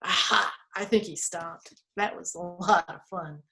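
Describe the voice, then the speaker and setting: A woman storyteller reading an interactive story to children, playful and expressive, asking her listeners questions. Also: fairly low pitch, measured pace.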